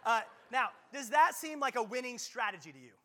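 A male pastor preaching a lively sermon at a church service, playful and joking with frequent quick restarts. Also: very high voice. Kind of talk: lively sermon with audience play.

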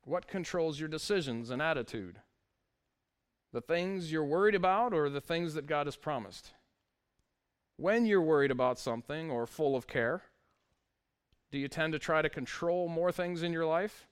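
A man's voice: a little high, expressive, moderate pace, clean tone. A male pastor preaching a sermon, reading scripture aloud with wry, conversational asides to the congregation.

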